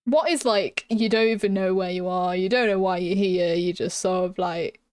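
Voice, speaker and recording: A young woman chatting casually while streaming a game at home, giggling and often dropping to a hushed whisper. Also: lowish voice, fairly even intonation, normal speed, clean tone, no echo, clean studio sound. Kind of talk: casual live-stream chat. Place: small room at home.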